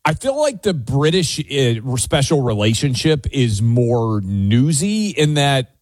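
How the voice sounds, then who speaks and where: A man's voice: mid-range voice, big pitch swings, a little mellow, no echo. Chatty talk radio co-host man. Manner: chatty, fast-talking, enthusiastic. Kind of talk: casual political chat.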